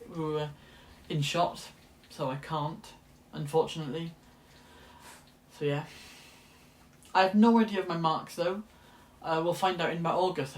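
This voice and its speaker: There's slight background noise as a late-teen young man with a fairly high voice talks casually to camera in a student vlog. His chat is rambling, full of restarts and self-corrections.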